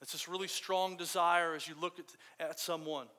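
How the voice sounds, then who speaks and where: A man preaching a casual, story-driven sermon, his voice bright and a touch higher than most. The sound rings with a long hall reverb behind him. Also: fairly even intonation, normal speed.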